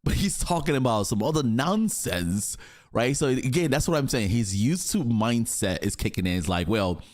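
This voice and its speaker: Animated man rambling through reaction commentary. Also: medium pitch, moderate pace. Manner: animated, rambling, chuckling asides. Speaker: reaction video host.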